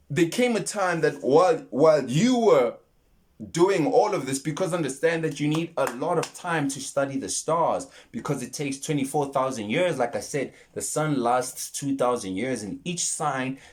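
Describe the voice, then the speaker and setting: Earnest man breaking down a film. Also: medium pitch. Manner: earnest, repeats and restarts words, retells scenes. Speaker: YouTube film commentator. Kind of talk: casual film breakdown monologue.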